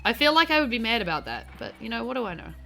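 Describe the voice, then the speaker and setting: A woman's voice: on the high side, big pitch swings, rapid-fire, vocal fry, bright, forceful tone, soft background music. A young woman with a New Zealand accent, rambling and swearing casually while commentating on a game she is playing. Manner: rambling, sweary, self-mocking. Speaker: game streamer. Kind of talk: casual let's-play commentary.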